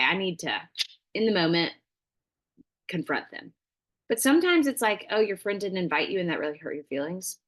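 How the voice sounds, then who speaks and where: A woman giving a casual parenting workshop, chatty and full of fillers, acting out little dialogues. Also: fairly low pitch.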